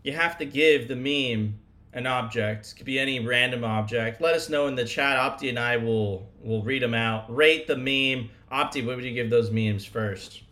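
A man's voice: mid-range voice, moderate pace, bright, forceful tone. A man co-hosting a casual livestream show, upbeat, reading out chat and plugging links. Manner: upbeat, plugs and reads chat. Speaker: co-host.

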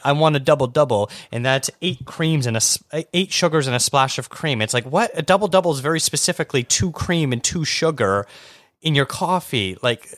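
A man's voice: a little high, no echo. Chatty Canadian man, dry mic. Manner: animated, stumbles and restarts, laughs often. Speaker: podcast co-host. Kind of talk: casual movie review chat.

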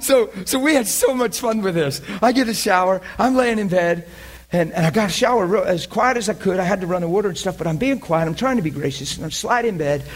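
A man preaching, telling a personal story with animated energy and frequent laughter. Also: sits high, fast talker. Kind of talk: sermon storytelling.

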